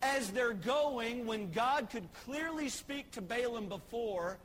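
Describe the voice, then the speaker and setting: High-voiced pastor preaching. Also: male voice, expressive, takes it slowly, fairly bright tone. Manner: emphatic, repeats key phrases. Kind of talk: sermon. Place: church sanctuary.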